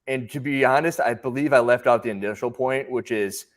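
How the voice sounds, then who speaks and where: A man co-hosting a podcast, telling stories in casual chat and acting out other people's lines in an animated way. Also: medium pitch, brisk. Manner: animated, acts out voices in his stories. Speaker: podcast co-host.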